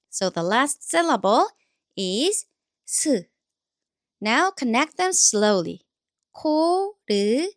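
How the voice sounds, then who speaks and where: Woman, Korean accent, language teacher, slow careful delivery, lively pitch, dry close sound. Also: no echo. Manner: patient, repeats sounds carefully for learners.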